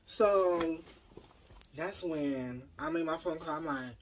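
A tired man telling a casual, profane story to his viewers, jumping from loud outbursts to low mumbles. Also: takes it slowly. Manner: profane, slangy.

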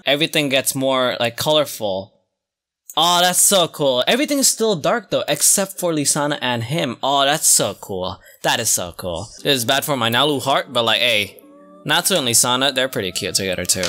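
A man hosting an anime reaction video, talking casually with lots of slang and breaking into sudden high yelps and gasps. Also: pushed and bright. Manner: casual slangy talk with many restarts. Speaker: anime reaction channel host. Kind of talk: live reaction commentary.

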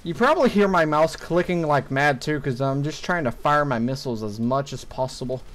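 A young man who's a gaming YouTuber commentates his own gameplay for viewers, launching into frustrated rants full of swearing when things go wrong. His voice is a little high, brisk, and a bit bright, and the audio is poor.

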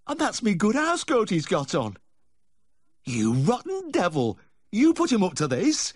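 A man voicing a shrill, outraged middle-aged farmer's wife in an audiobook. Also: huge pitch swings, measured pace, dry recording, clean studio sound, heavily acted.

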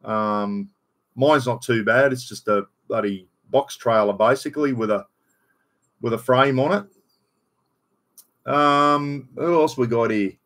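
A man's voice: mid-range voice, a little slow, pauses often, fairly bright tone. An Australian man hosting a casual live stream, rambling in a matey way, greeting viewers by name and swearing bluntly. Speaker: livestream host.

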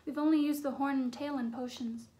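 A woman's voice: high voice, steady tone, brisk, warm tone, reverberant, slight background noise, natural voice. A woman reading aloud, voicing a frightened, curious schoolboy wizard who asks eager, breathless questions. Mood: uneasy.

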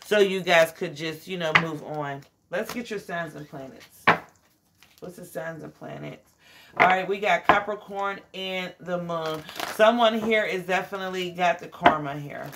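A tired woman with a raspy voice giving a casual tarot reading, loose and slangy, talking to her listeners as guys, honey and child. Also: fairly low pitch, measured pace, background noise. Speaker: tarot reader.

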